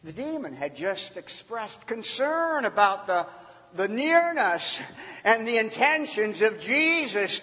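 Guy pastor preaching, high voice, lots of echo, loud then hushed. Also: very animated, slow pace. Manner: emphatic preaching, sharp swings between loud and hushed. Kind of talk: sermon.

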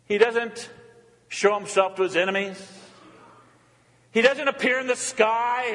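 A man's voice: high voice, a little slow, long pauses, bright, forceful tone. A man preaching a sermon, asking rhetorical questions, repeating refrains and having the congregation say lines back. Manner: leads the congregation in call and response. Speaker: pastor. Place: church sanctuary. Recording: long church reverb.

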